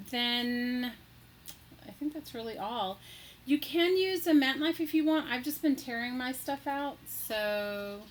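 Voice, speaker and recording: Woman, live craft stream host, chatty and gushing, slightly high voice, unhurried, faint room ambience. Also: a little hiss or hum, rough recording. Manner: gushing, gasping with delight; chatty, greets viewers by name.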